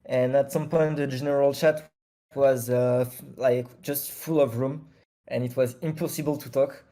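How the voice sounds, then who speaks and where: Halting, mellow-voiced man. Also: medium pitch, fairly even intonation. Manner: halting, many fillers and self-corrections. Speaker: project founder guest. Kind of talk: casual chat.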